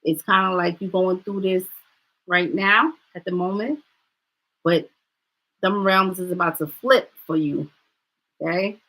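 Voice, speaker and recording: A woman's voice: fairly low pitch, measured pace, pauses often, fairly bright tone, poor audio. A woman giving a card reading on a live stream, talking straight to viewers and reassuring them in casual chat.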